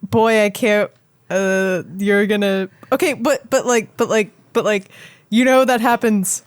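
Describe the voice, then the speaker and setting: A woman co-hosting a casual podcast chat laughs and rambles, repeatedly breaking off her own sentences. Her mid-range voice is steady and unhurried, with no room sound.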